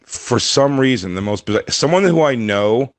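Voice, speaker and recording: A man trading crude jokes on a comedy podcast, talking in quick bursts and laughing between lines. His pitch is mid-range, and the recording is close and dry. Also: lively intonation, dry recording. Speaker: comedian co-host. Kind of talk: casual comedy podcast banter.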